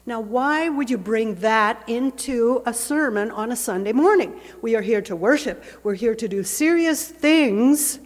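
A woman preaches a sermon with a relaxed, chatty warmth and light humor, taking her time over each phrase. Her voice sits a little high, and her words ring out in the long echo of a church sanctuary. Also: unhurried, few pauses. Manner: conversational, gently humorous preaching. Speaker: pastor. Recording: echoey church hall.

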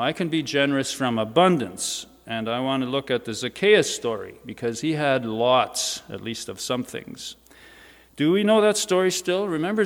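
A man giving a sermon in a church, speaking in a conversational way with informal asides. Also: medium pitch. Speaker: preacher. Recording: reverberant church hall.

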